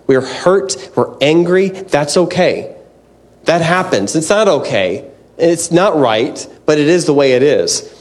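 A man preaching a conversational, animated sermon with candid self-deprecating asides. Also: fairly high pitch. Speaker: pastor.

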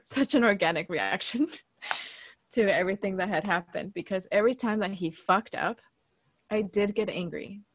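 A woman's voice: mid-range voice, no echo, dull audio. A woman co-hosting a casual chat, speaking frankly with laughs and casual swearing. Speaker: podcast co-host.

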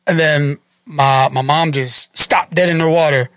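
A man's voice: fairly high pitch, measured pace, no room sound. A man with a Philadelphia accent, a podcast guest telling stories in casual chat and acting out the voices of the people in them. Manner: animated, acts out voices and yells in his stories. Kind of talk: casual storytelling.

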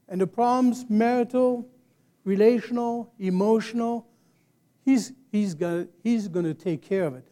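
A man preaching a sermon to a congregation, leading them in call-and-response and rising to loud exclamations. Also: high voice. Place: church service.

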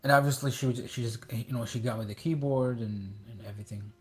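A man's voice: mid-range voice, faint music behind. Man from Iraq telling a childhood story. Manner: halting, many restarts and fillers; acts out quoted voices. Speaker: guest. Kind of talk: casual storytelling.

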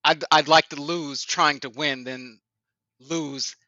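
A man co-hosting a casual sports chat, lively and opinionated, laughing often. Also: on the high side, slow pace, dry recording, highs cut off. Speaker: podcast co-host.

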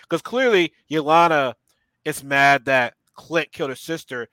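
A podcast co-host with a fairly high, clear, resonant voice chats casually about a show he's reviewing, speaking at normal speed without echo. He's animated, laughs and swears, and acts out the lines he quotes from characters in a mocking way.

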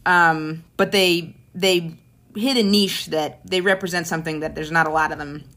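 Thirty-something woman comic from maine, lowish voice, rambling story chat, swears a lot. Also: moderate pace. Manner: rambling, profane, animated asides. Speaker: stand-up comedian. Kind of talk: casual podcast storytelling.

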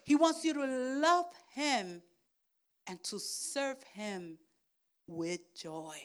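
A woman pastor preaching a sermon, checking in with "Amen?" and "right?", and swinging from soft asides to loud calls. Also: high-pitched, very animated, clean tone. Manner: slow, deliberate delivery.

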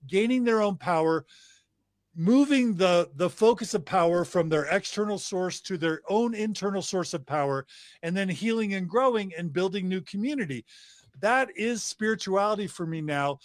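A man's voice: high voice, animated, normal speed, no echo, studio quality. A middle-aged man, a podcast guest, talking with passion and piling up emphatic lists of praise. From United States. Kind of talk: enthusiastic interview talk.

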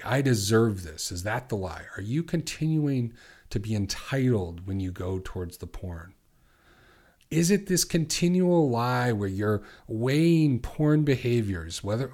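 A middle-aged man hosting a podcast as a recovery coach, asking earnest questions and slowing down to repeat affirmations. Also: lowish voice, darkish tone. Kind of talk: coaching monologue.

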